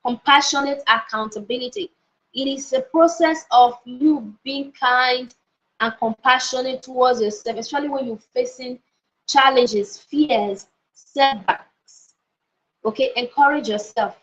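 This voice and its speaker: High-voiced woman pastor, emphatic teacher. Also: unhurried, fairly bright tone. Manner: emphatic, repeats key phrases, asks "All right?". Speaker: pastor and life coach. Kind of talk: motivational teaching session. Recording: dull lo-fi audio.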